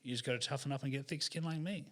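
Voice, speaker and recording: A man's voice: mid-range voice, rapid-fire, a bit bright, close to an everyday voice. Guy doing a big tough rhino from a kids story, blunt, kinda dismissive.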